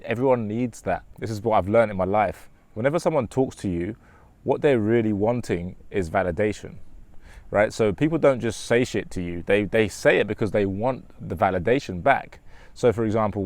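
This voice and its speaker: A man with a fairly low voice talks through advice in a loose, explanatory monologue. He asks himself questions and restarts his phrases as he goes. The sound is dry and close, with no room echo. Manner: conversational and explanatory, with frequent restarts and rhetorical questions. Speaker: self-improvement vlogger. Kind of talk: casual advice monologue to camera.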